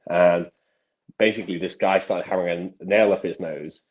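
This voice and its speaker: A man's voice: sits low, fairly even intonation, normal speed, muffled recording. A man in his thirties, a magician guest, telling stories in casual interview chat with many restarts and acted quotes.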